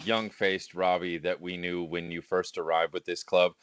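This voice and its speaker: A man's voice: low voice, level tone, normal speed, fairly bright tone, a little hiss or hum. A man interviewing a guest, asking playful, teasing questions.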